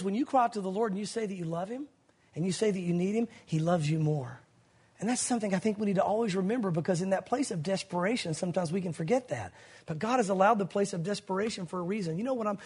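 Husky, fast-talking preaching man. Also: high voice. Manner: conversational, earnest, full of asides. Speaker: pastor. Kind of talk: sermon.

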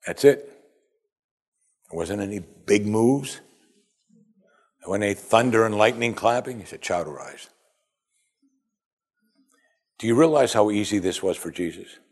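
A man's voice: on the low side, normal speed, pauses often. A man preaching a sermon as pastor, talking straight to his listeners with rhetorical questions. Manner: animated, rhetorical questions to the congregation.

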